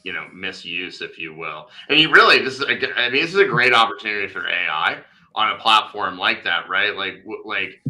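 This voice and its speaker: A man's voice: lowish voice, animated, brisk, sharp tone, rough recording. A male podcast co-host in casual chat, rambling and thinking aloud with lots of fillers and restarts.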